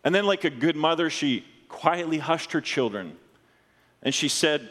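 A man preaches a sermon with a somewhat high voice, telling stories earnestly. He sinks low and slows down when the story turns solemn. His voice rings with the long reverb of a large hall. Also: lively intonation, a bit bright. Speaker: pastor.

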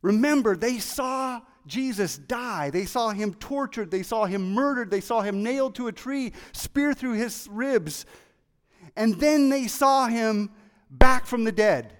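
An excitable preacher with a very high, light voice delivers his sermon, acting out the people in the story as he goes. The sound rings with the long reverb of a large hall. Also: measured pace. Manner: excitable, animated, acts out quoted voices. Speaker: pastor.

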